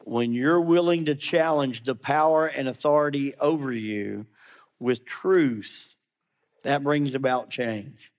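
A man's voice: mid-range voice, slow pace. A man preaching a sermon as a pastor, talking in a conversational way, challenging his listeners directly and dropping sarcastic asides.

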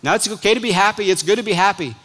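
A man preaching a sermon, stretching key words slowly and dropping to a soft, low close at the end of phrases. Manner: emphatic, drawn-out phrases with sudden soft drops.

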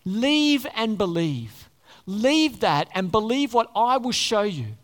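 A preacher giving a sermon to a live congregation, talking in an animated way and often putting questions to the listeners. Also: mid-range voice, slow. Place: large hall before a congregation. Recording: long hall reverb.

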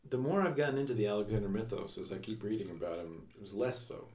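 Joking man with a lowish voice. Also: expressive, fast talker, a little mellow. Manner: joking, talks over his partner. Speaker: podcast co-host. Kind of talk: casual chat.

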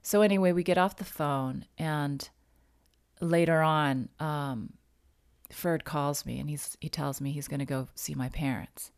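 A woman recounting a personal story in conversation, reflective and halting, often restarting her sentences. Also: low voice, steady tone, no echo, clean studio sound. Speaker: podcast guest sharing a personal story.

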